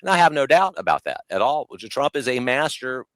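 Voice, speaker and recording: A man's voice: mid-range voice, fairly quick, no room sound. Emphatic man in his fifties, dry sound. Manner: animated and emphatic, with mocking asides. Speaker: podcast guest. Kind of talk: casual conversation.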